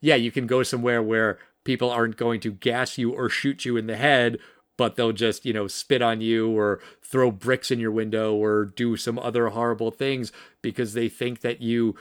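A man's voice: mid-range voice, steady tone, moderate pace, no echo. Impassioned male podcast co-host, profane and blunt, dry close recording. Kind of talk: casual film discussion.

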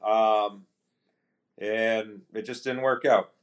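A middle-aged man with a fairly low voice talks as a guest on a podcast. He tells his stories in a relaxed, chatty way, slipping into the voices of the people he quotes. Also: slow pace. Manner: relaxed anecdotal storytelling, acts out quoted dialogue. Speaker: guest, retired hockey player. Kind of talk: casual storytelling interview.

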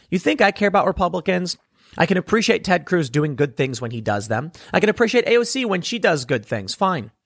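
A man's voice: a little high, a bit bright, no echo, clean studio sound. A young adult man delivering a blunt, sarcastic solo commentary segment, scornful and ranting. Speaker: political commentator.

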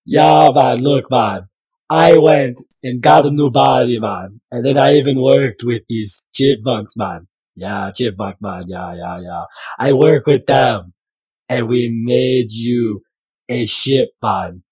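A man's voice: mid-range voice, slow pace, a little mellow, husky, no room sound. A man doing a drawling put-on Jamaican sidekick. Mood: easygoing. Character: laid-back male sidekick, chummy, says man a lot.

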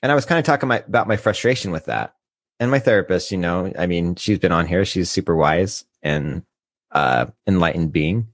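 A man in his thirties talking candidly and emotionally on a podcast, halting at times as he opens up. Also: low-pitched, no room sound, studio quality. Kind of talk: casual podcast chat.

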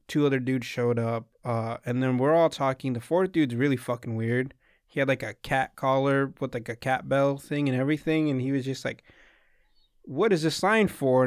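A man's voice: medium pitch, clean tone, no room sound, studio quality. A young man casually telling a long rambling story, swearing often and acting out what people said. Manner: rambling storyteller, swears a lot, acts out quotes. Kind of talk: casual chat.

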